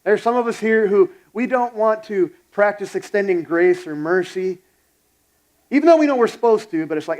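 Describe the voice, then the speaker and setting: A man's voice: sits high, animated, fairly quick, a little mellow, rough recording. A pastor preaching a sermon in a blunt, exhorting, conversational way, retelling a story as he goes.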